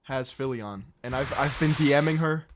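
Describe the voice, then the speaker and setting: A man's voice: mid-range voice, normal speed, over a noisy crowd. A young man co-hosting a casual podcast, laid-back and laughing along in banter. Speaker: podcast co-host.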